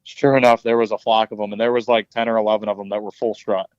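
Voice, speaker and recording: A man in casual chat, telling a lively story and acting out the dialogue. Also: fairly low pitch, quick pace, no echo. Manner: animated storyteller, acts out dialogue. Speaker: podcast guest. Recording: dull lo-fi dry sound.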